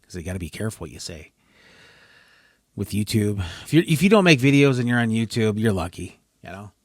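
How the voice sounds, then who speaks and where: A man with a fairly low voice hosts a solo podcast, talking fairly quickly and with a lot of animation. He rambles, sounds frustrated, and keeps cutting himself off mid-sentence. The recording is studio quality with no echo.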